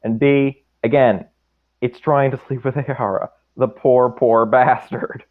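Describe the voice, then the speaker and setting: A man playing a tabletop game, excitable, often restarting his sentences. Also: mid-range voice, slow pace. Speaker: player. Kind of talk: casual tabletop play. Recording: phone-like thin audio.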